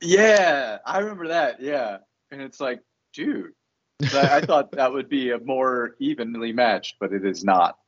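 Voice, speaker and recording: A man's voice: medium pitch, lively intonation, unhurried, fairly bright tone, highs cut off. Hesitant, musing podcast co-host man. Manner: thinking aloud, hesitant, hedging. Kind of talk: casual chat about a TV show.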